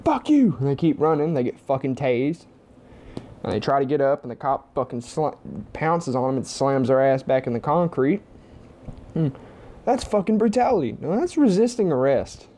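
A man's voice: medium pitch, lively intonation, moderate pace, darkish tone. A young man at home giving a blunt, heavily profane opinion monologue to camera. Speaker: vlogger.

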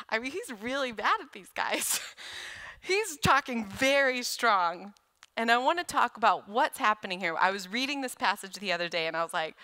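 Bright-voiced woman preaching conversationally. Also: a little high, moderate pace. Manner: conversational, animated preaching with casual asides. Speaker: guest speaker. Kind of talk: sermon. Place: church sanctuary.

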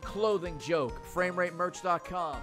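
A man commentating on a video game he is playing, joking, excitable and often swearing. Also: high voice, moderate pace, soft background music. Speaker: let's play host. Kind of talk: gameplay commentary.

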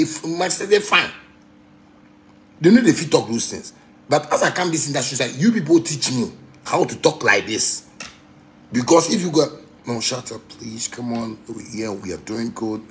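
A Ghanaian man ranting on a casual livestream, animated, with sharp swings from low mutters to loud outbursts. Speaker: musician on a livestream.

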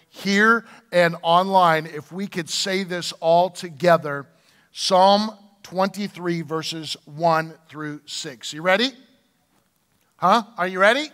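A man's voice: sits high, fairly bright tone, in a large hall. A man preaching a sermon as pastor in a church, speaking to the congregation and asking them to respond. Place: church sanctuary.

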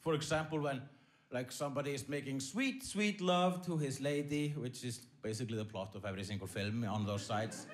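A male comedian performing stand-up on a theater stage. He talks in a rambling, deadpan way, piling up fillers and false starts as he goes. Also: medium pitch, brisk.

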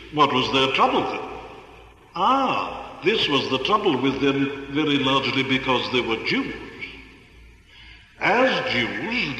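A man's voice: on the high side, bright, forceful tone. A man preaching a sermon in an earnest, rhetorical way, piling up emphatic repetitions. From Wales. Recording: echoey hall with long reverb.

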